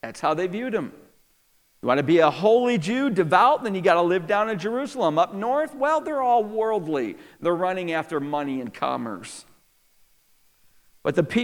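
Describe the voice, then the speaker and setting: A man with a high, gravelly voice preaches a sermon in a big church, his words trailing off into a long hall reverb. He speaks animatedly and keeps asking the congregation questions. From New York. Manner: animated preacher, asks the crowd many questions. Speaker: pastor.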